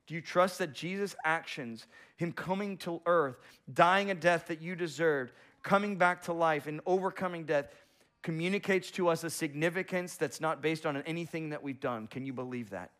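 A man's voice: fairly high pitch, moderate pace, fairly bright tone. A man preaching a sermon as pastor, driving his points home with repetition and rhetorical questions.

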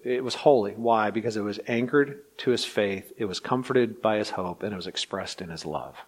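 A man's voice: fairly low pitch, normal speed, slightly rough. Dynamic male pastor preaching. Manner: dynamic preaching, swings from loud to hushed, acts out quotes. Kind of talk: sermon.

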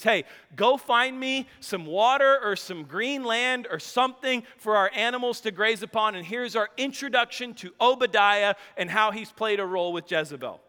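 A man preaching a sermon, retelling scripture in a lively storytelling way. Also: sits high, clean tone. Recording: long reverb of a hall.

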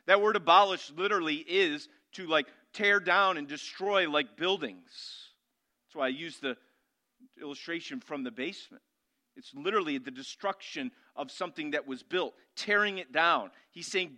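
A man's voice: fairly high pitch, measured pace, long pauses. A man preaching a sermon as pastor, emphatic, putting questions to the congregation and answering them himself. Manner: emphatic, rising to loud declarations.

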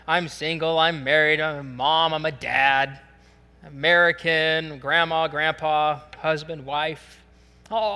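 A man preaching a sermon in a relaxed, conversational storytelling way, with many fillers. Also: on the high side, smooth, long reverb tail. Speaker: pastor.

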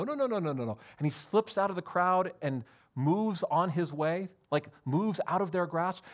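A man preaching a sermon, earnest and emphatic, often calling his listeners friends. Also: high-pitched. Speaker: pastor.

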